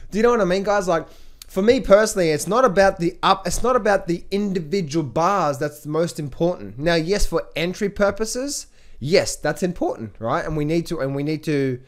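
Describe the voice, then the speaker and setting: A male trading coach talking casually to his viewers, with energetic, motivational momentum. He circles back and repeats himself often, stacking restarts as he goes. His voice sits somewhat on the higher side for a man. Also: a little fast. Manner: rambling, repetitive, lots of fillers and restarts. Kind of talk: casual talk-to-camera.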